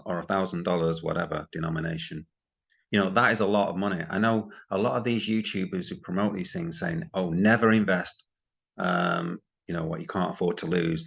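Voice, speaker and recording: A man's voice: sits low, gravelly, a bit bright. A man giving rambling, exasperated commentary on online schemes to his subscribers. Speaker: crypto commentary YouTuber. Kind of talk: casual commentary to camera.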